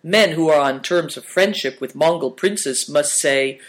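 A man's voice: fairly high pitch, a little slow, natural voice. A man doing a courteous, learned guide. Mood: instructive. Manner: instructive, courteous.

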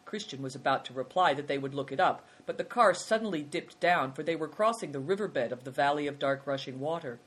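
A narrator reading a children's adventure story in a steady storytelling manner. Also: medium pitch, a little fast, few pauses, slightly rough. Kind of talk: audiobook narration.

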